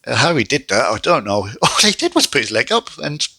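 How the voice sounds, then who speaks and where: Chatty man with gravelly bright voice. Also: mid-range voice, fairly quick, no room sound. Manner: chatty, animated, exasperated asides. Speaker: wrestling reviewer. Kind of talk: casual solo review.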